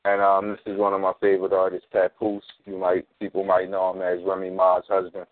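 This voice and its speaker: A very deep-voiced man hosts a casual radio show. His talk is relaxed and he keeps checking in with "you know what I mean?". The sound is dry and thin, like a phone line. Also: fairly quick, dry recording. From North Philadelphia.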